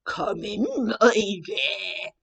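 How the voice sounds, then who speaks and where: A woman voicing a sly, hungry male wolf in a storybook tale, with a deep scratchy growl and slow menacing delivery. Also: vocal fry, a bit bright, husky, exaggerated voice.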